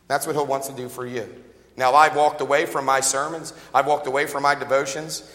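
A man's voice: fairly high pitch, big-room sound. A man preaching a sermon as a pastor in an auditorium, emphatic and folksy, calling out to the congregation with joking asides. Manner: emphatic, call-and-response preaching with rising shouts. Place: large auditorium.

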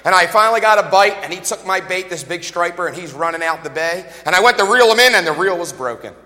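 A high, bright-voiced middle-aged man preaches with lively energy, breaking into asides and quoted voices as he goes. His voice rings out with a long reverb, as in a church hall. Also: quick pace. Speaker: pastor. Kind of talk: sermon.

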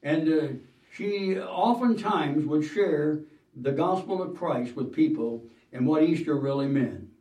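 A man preaching a sermon, telling a story in an earnest, measured way with "uh" fillers and the odd throat-clearing. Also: fairly high pitch, mellow, muffled recording. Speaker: pastor. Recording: roomy hall, mic at a distance.

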